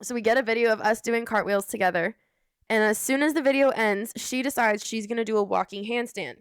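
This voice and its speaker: High-voiced young woman telling a story. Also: fairly quick, clear, resonant tone, no room sound, studio quality. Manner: animated, laughing storyteller with lots of "like". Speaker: podcast co-host. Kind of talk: casual storytelling chat.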